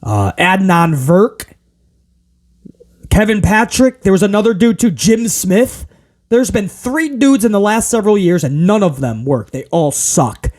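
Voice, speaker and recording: A man hosting a casual wrestling review, ranting in an animated, exasperated way. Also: high voice, measured pace. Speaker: podcast host.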